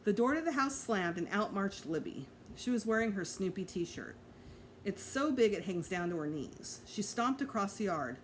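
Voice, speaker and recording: Teacher lady reading a kids' book aloud, lively up-and-down voice, faint hum behind. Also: mid-range voice, normal speed. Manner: expressive storytelling.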